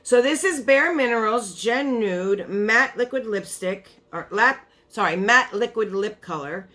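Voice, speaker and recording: A woman's voice: on the high side, lively intonation, unhurried, pushed and bright. Tired chatty woman unboxing beauty products. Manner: chatty, rambling, self-interrupting. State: tired, voice giving out. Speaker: beauty vlogger. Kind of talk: casual unboxing chat.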